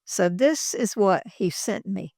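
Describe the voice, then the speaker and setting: A woman's voice: medium pitch, animated, slow pace, creaky, darkish tone, dry recording, studio quality. Older woman telling folksy stories. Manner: folksy, rambling anecdotes with acted quotes. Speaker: interviewee, former executive assistant. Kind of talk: casual storytelling. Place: office.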